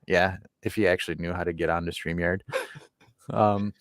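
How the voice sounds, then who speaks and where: Low-voiced man riffing on a livestream. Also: flat delivery, normal speed, no room sound, studio quality. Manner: rambling, swearing, reads chat aloud. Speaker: podcast co-host. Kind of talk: casual livestream chat.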